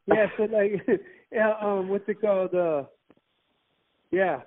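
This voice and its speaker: A man with a fairly high voice talks in a loose, rambling way. He restarts his sentences and laughs often. The sound is thin and tinny, like a phone line. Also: slow, long pauses. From Miami. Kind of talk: casual chat.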